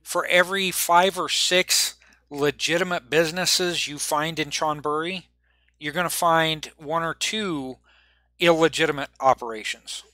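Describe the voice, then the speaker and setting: A man running a tabletop game as game master, relaxed and rambling, laughing often. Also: on the high side, measured pace, no echo.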